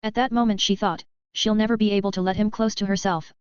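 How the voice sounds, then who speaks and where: A woman narrating a story in an even, steady reading voice. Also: mid-range voice, quick pace, clear, resonant tone, dry recording, dull audio. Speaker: audiobook narrator. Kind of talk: scripted narration.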